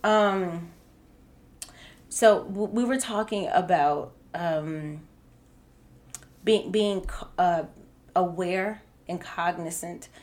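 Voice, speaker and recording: A woman's voice: fairly low pitch, extremely slow, pauses often, darkish tone. A woman co-hosting a podcast in casual chat, talking with emphasis and laughing often. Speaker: podcast co-host.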